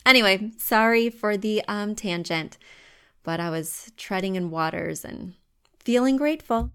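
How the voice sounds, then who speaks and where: A woman's voice: medium pitch, measured pace, bright, forceful tone, clean tone. A woman hosting a podcast from home, giving chatty, emphatic design advice.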